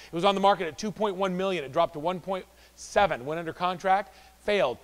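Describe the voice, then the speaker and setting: A man giving a live real estate training seminar, telling stories in an animated way and acting out the voices of the people in them. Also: high-pitched, quick pace, big-room sound. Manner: animated, acts out quoted voices. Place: office training room.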